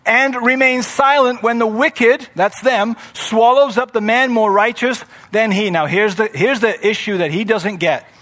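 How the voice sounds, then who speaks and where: High-voiced preacher, expressive delivery. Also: male voice, a little slow, few pauses. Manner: expressive, acts out scripture voices with rising emphasis. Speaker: pastor. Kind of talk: sermon.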